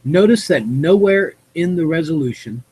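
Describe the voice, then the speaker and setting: A man hosting a live stream reads a news article aloud and breaks off to give his opinion. His voice is husky and fairly high for a man. He rambles, fills pauses with "uh", and corrects himself mid-word. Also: lively intonation, darkish tone, poor audio. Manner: rambling, with fillers and self-corrections.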